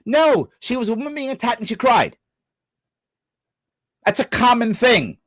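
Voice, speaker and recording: A middle-aged man hosts a live stream reacting to a clip, speaking a little slowly in a close, dry recording. In heated commentary he argues with it, animated, scolding, sarcastic and swearing. His pitch swings widely, from low grumbles to sharp high jabs.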